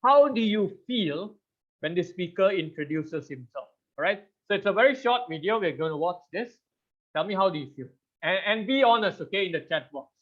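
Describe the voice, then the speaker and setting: A man in his thirties with a high voice leads a public speaking class over a video call. He is animated, laughs often and keeps asking the audience questions. The sound is dull and lo-fi. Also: normal speed. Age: 30s. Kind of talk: online class presentation.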